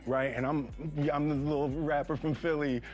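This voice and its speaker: A man in his fifties telling a story in a casual, animated way, acting out quotes and laughing. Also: fairly high pitch, normal speed, soft background music. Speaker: actor and reunion guest.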